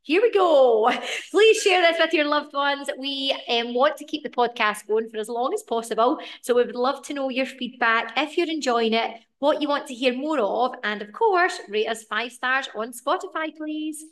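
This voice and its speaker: High-voiced chatty Scottish woman. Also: normal speed, fairly bright tone. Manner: chatty, rambling, goes round in circles. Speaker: podcast co-host. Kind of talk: casual podcast chat.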